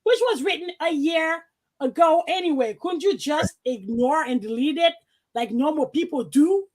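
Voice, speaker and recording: A woman reading out her own emails on a podcast in a profane, animated way, laughing often. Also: high voice, normal speed.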